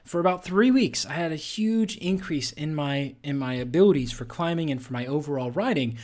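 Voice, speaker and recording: A man's voice: fairly high pitch, fairly quick, a little mellow. A male athlete hosting a solo podcast, talking earnestly and conversationally with frequent fillers.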